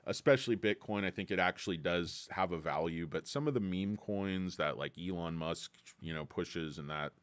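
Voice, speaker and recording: A man's voice: sits low, moderate pace, few pauses, no echo. A tired man from California's Central Valley hosting a casual stock livestream, rambling and joking with plenty of fillers. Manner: rambling, jokey, many fillers.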